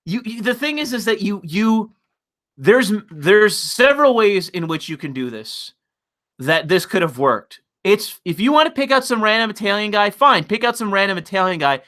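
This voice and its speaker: A man giving an exasperated, profanity-laden political rant on a livestream. His voice swings up and down all the time, with a bright, sharp edge, and he keeps repeating himself and restarting mid-sentence. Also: sits high, animated, normal speed. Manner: repeats words and restarts when worked up. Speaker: political commentator.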